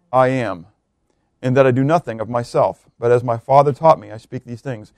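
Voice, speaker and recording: A man preaching a verse-by-verse sermon, reading scripture aloud, swelling on key words and dropping low, often asking his listeners questions. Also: brisk, no room sound, studio quality. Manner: emphatic, swells on key words then drops low, asks the congregation questions. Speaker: pastor.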